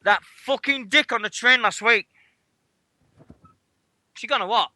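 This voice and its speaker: A man's voice: very high-pitched, unhurried, bright, forceful tone, dry recording. A British man hosting a wrestling radio show, swearing constantly as he rambles through stories. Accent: British English. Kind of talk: casual chat.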